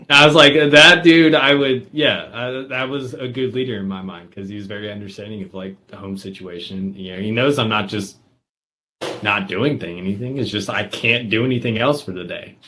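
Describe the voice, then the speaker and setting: A man's voice: lowish voice, normal speed, pushed and bright, rough recording. A man who served in the army, co-hosting a podcast and telling anecdotes in casual chat, laughing easily. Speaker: podcast co-host, army veteran.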